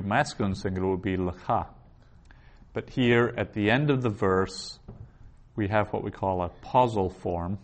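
A middle-aged man teaching a class, explaining slowly and patiently with pauses and fillers. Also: on the low side. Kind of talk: classroom lecture.

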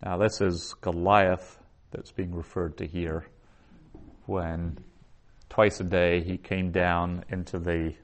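Slow, low-voiced man teaching. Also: little pitch movement. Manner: slow, deliberate, spells out each word. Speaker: Biblical Hebrew teacher. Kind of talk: classroom lecture.

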